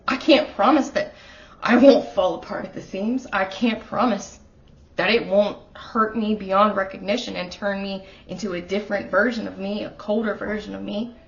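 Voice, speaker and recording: A woman's voice: medium pitch, steady tone, moderate pace, creaky, lo-fi sound. A woman giving a casual tarot reading at home, talking straight to the viewer in an earnest, emotional way. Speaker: tarot reader. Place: her apartment.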